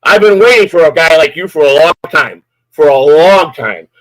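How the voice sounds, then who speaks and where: Older male streamer, furious profane rant, fairly high voice, dry close mic. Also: animated, normal speed, dry recording, poor audio. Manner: profane, threatening, repetitive. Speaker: live-stream host. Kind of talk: angry live-stream rant.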